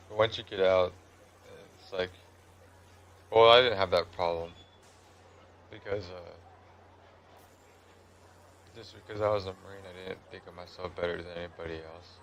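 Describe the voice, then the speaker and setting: A man with a very low voice and a gravelly, fry-laden edge chats through a meandering story while playing a game. He keeps a casual, conversational tone, and a faint background hiss sits under his voice. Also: steady tone, measured pace, long pauses, a bit bright, lo-fi sound. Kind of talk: casual storytelling over gameplay.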